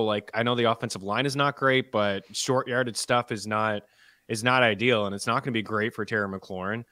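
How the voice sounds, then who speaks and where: A man giving measured sports analysis on a podcast, thinking out loud as he goes. His voice is bright and forceful, with a middle pitch. The sound is dry and close, with no room echo. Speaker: fantasy football analyst. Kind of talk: casual podcast chat.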